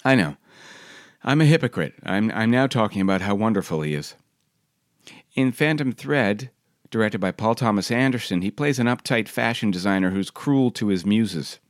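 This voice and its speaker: A man's voice: fairly low pitch, expressive, normal speed, no room sound, studio quality. A man reading his own personal essay aloud in a wry, reflective, conversational way.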